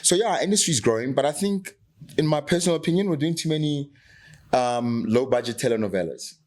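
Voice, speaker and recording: A man's voice: on the high side, expressive, fairly quick, darkish tone. A middle-aged man from South Africa, an actor talking as a podcast guest, passionate and emphatic, making his points with rhetorical questions. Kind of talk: candid podcast conversation.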